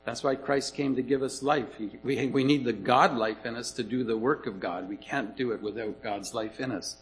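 A man's voice: mid-range voice, moderate pace, poor audio. Earnest preaching man, emphatic. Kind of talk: sermon.

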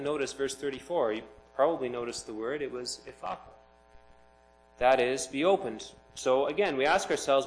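A man's voice: mid-range voice, slight background noise, rough recording. A man preaching a sermon, reading scripture aloud and explaining it with rising emphasis. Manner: expressive, builds to emphatic peaks.

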